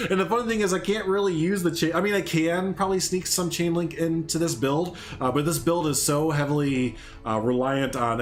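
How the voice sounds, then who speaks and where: A young man rambling casually on a live game stream, chatting with viewers as he builds. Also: a little high. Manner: rambling, chatty, reads and answers chat.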